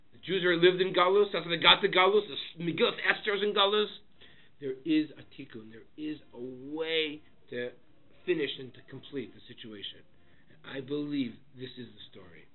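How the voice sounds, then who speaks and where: A man, a rabbi teaching a Torah class, who asks rhetorical questions and swings between loud emphasis and quiet asides, saying Hebrew terms with Ashkenazi pronunciation. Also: on the high side. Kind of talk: Torah lesson to students. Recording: tinny phone-like lo-fi audio.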